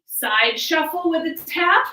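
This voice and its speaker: A woman's voice: extremely high pitch, animated, slow pace, bright, forceful tone, reverberant, far from the mic, rough recording. A woman fitness coach, out of breath, counting reps and cueing moves while she exercises along in a small room at home. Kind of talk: coaching a live home workout.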